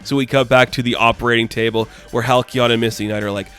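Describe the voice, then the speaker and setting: Male comic reviewer, mid-range voice, chatty and excitable, casual swearing, conversational recap. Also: mid-range voice, fast, clear, resonant tone, faint music behind. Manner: enthusiastic, chatty, casual swearing, frequent laughs.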